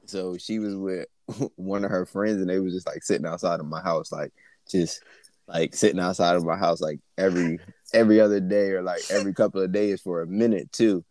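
A young man co-hosting a podcast, telling stories in relaxed slang-heavy casual chat. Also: low-pitched, fairly quick, dry recording. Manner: laid-back storytelling with slang and frequent laughter. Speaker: podcast co-host.

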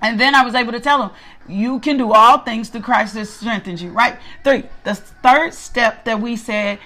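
A woman's voice: fairly high pitch, normal speed, bright, forceful tone. A middle-aged woman teaching a Bible study in a conversational sermon style, emphatic and repetitive, often asking listeners to respond.

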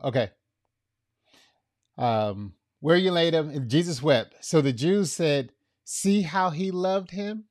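A man preaching a sermon in a conversational way, acting out scripture dialogue, dropping soft for tender lines and rising for emphasis. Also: no room sound, clean studio sound. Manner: drops soft and low for tender lines, rises loud for emphasis. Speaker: pastor.

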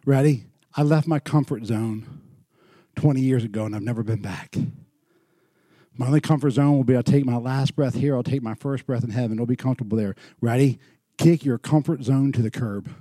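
A middle-aged man preaching a sermon in a church, moving from loud, lively storytelling to quiet, earnest lows. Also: brisk, no room sound, studio quality. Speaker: pastor.

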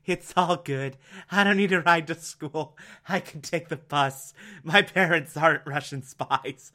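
A man's voice: on the high side, measured pace, pushed and bright. A man voicing a panicky teenage girl who babbles flustered reassurances.

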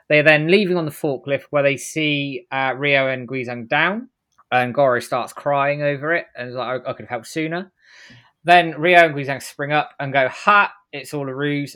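A man on a podcast gives a quick, casual story recap in an ordinary mid-range voice. He slips short character quotes into his telling without stopping. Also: medium pitch, fairly bright tone. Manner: brisk storytelling, acts out quotes in passing. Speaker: podcast co-host.

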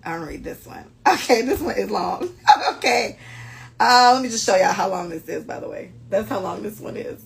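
Young woman podcast host, brash storyteller, gravelly edge, lively delivery. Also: medium pitch, normal speed. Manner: animated, brash storytelling with frequent cursing. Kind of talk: casual chat, reading listener stories.

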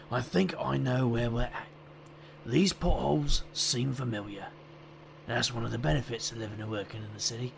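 Man playing a sarcastic broke detective, gravelly voice, dry first-person narration. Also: medium pitch, slight background noise. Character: wry, sardonic male detective, weary and broke.

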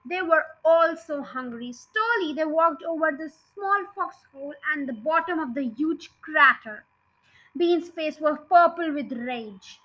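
A woman reading a chapter of a children's book aloud, slowly and carefully. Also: high voice, sharp tone, low-quality recording. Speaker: storybook reader.

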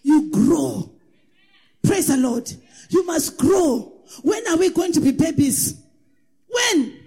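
Woman preacher, really high voice, sing-song sermon, shouts then goes quiet. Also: sing-song, takes it slowly. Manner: impassioned preaching, swings from shouting to hushed; sing-song cadence, repeats praise refrains.

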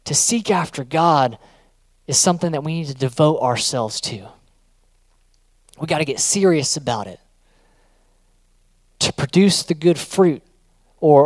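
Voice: mid-range voice, moderate pace, pauses often, no room sound. A youth pastor giving a casual sermon, urging listeners on in rhythmic, repeated phrases.

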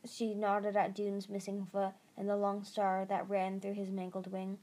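A woman's voice: medium pitch, monotone, measured pace, mellow. A woman narrating an amateur audiobook reading, stumbling over words and restarting.

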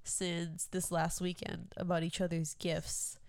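A woman's voice: on the low side, a little slow, gravelly, clear, resonant tone, no echo. A young woman co-hosting a casual podcast chat, telling a story animatedly and acting out what people said. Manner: animated storyteller, acts out quotes. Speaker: podcast co-host.

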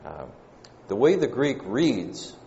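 A man with a Southern American accent preaching a sermon, measured and pausing, often saying "uh". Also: mid-range voice, sing-song, vocal fry, dark tone, slight background noise. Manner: measured, pausing delivery with frequent "uh" fillers. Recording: dull lo-fi church recording with long reverb.

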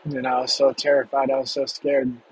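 A young adult man telling an emotional personal story, slow and hushed. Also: medium pitch, monotone, low-quality recording. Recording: faint background noise.

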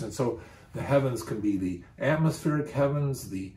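A man's voice: medium pitch, animated, moderate pace, warm tone, echoey room. A man preaching a sermon, speaking earnestly and rising with emphasis when he reads scripture.

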